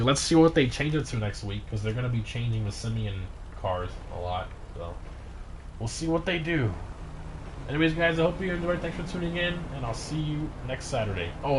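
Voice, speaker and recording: Man, gaming livestream host, excitable exclamations, tired, faint background hiss. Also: mid-range voice, a little fast. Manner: excitable, frequent exclamations during races. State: tired, yawning. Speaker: livestream host of game car meets. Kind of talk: casual gaming livestream commentary.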